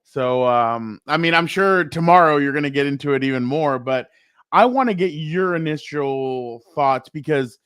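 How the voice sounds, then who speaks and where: Male co-host, casual sports talk, smooth resonant tone, dry close mic. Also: fairly high pitch, moderate pace, a bit bright, dry recording. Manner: rambling, lots of fillers and laughs. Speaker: podcast co-host.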